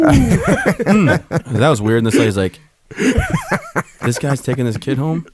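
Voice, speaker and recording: A man in his thirties telling stories as a podcast guest, animated, putting on voices for the people in them and laughing often. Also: medium pitch, a little fast. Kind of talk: casual storytelling.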